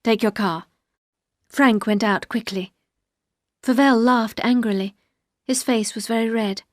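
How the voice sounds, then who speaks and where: A woman reading a story aloud for English learners in a clear, steady, careful way. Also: a little high, a little slow, no echo, studio quality. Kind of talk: scripted story narration for learners.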